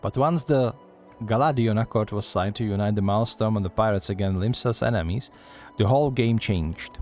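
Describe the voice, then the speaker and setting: A man's voice: fairly low pitch, moderate pace, darkish tone, soft background music, close to an everyday voice. A man voicing a teasing female guild receptionist from a game, in a put-on Scottish accent, reading her dialogue aloud in a folksy, storytelling way. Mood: yarn-spinning.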